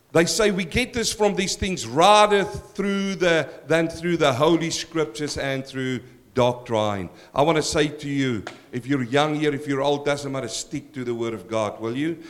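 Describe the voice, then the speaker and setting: A man's voice: on the high side, a bit bright. A man preaching a verse-by-verse sermon as pastor, emphatic and direct, addressing his congregation.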